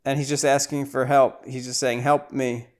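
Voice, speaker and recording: A man's voice: medium pitch, moderate pace. A man hosting a podcast, casually recapping a horror movie scene by scene, with lots of restarts and repeated words. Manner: grows loud and excited at gory scenes. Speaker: podcast host.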